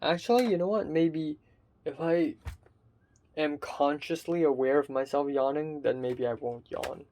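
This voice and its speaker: A sleepy, tired young man, a college student, rambling in a halting casual video diary with frequent fillers and swearing, filmed by himself in his bedroom. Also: a little high, darkish tone, slight background noise. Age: young adult. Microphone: self-filmed camera.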